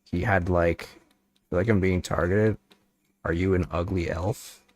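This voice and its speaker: A man's voice: low voice, steady tone, a little slow, darkish tone, no echo. A man streaming as a VTuber, chatting playfully with viewers and making up a rambling silly story. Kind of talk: casual livestream chat and improvised bedtime story.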